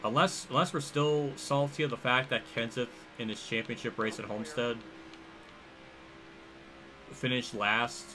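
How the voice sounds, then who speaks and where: A young man livestreaming a racing game, rambling and thinking aloud as he reacts loudly to the action on track. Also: medium pitch, steady tone, measured pace, long pauses, background noise. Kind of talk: live gameplay commentary.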